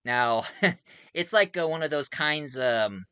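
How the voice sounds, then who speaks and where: A man's voice: a little high, lively intonation, slow, bright, forceful tone, clear, resonant tone, dry recording. A man reviewing a movie in a casual, rambling way, full of fillers and frequent chuckles.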